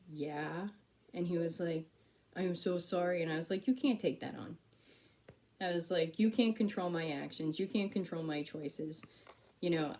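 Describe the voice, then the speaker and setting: A woman's voice: lowish voice, a little mellow. A woman giving a sermon in a church, speaking conversationally and telling a personal story with quoted back-and-forth dialogue. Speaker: preacher.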